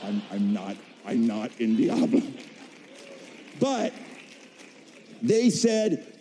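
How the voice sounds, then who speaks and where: A middle-aged man telling his career story on a convention stage, an animated storyteller who acts out voices and jokes. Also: a little high, slow pace, pauses often, a little hiss or hum. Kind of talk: stage talk to a convention audience. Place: large convention hall stage. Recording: long hall reverb.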